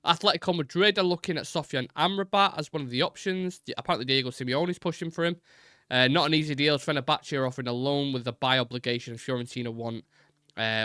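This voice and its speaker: A man hosting a live football fan show, fast-talking and rambling with many fillers while reading chat messages. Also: medium pitch, pushed and bright, no echo, clean studio sound.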